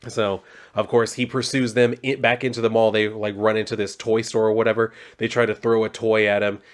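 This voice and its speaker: A man's voice: on the low side, little pitch movement, fairly quick. A man casually recapping a comic book story, rambling loosely with lots of fillers and some mild swearing.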